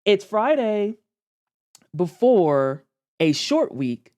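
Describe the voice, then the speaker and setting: A young woman streamer from the Saint Louis area, chatting casually and swearing freely, acting out quotes in high voices. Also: very animated, extremely slow, warm tone. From Saint Louis area, United States. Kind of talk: casual chat on a livestream.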